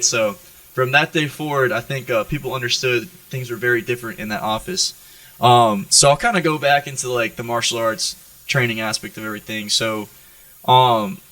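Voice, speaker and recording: Bright-voiced, profane American Marine storyteller. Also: male voice, mid-range voice, dry recording, recorded from a distance, poor audio. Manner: profane, animated storyteller who keeps checking in with "right?". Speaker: Marine guest on a podcast. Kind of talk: storytelling in an interview.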